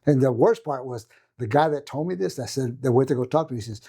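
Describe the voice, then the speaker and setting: A middle-aged man tells a story as a podcast guest, his voice husky and a little rough. He talks fast and keeps acting out what other people said, often repeating himself as he goes. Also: medium pitch. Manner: animated, acts out quoted voices, repeats himself. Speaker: podcast guest, martial arts coach. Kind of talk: casual storytelling.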